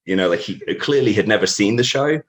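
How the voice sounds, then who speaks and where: A man's voice: on the low side, animated, quick pace. A British man in his thirties, a guest telling stories in a casual interview, rambling with many fillers and restarts. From Britain.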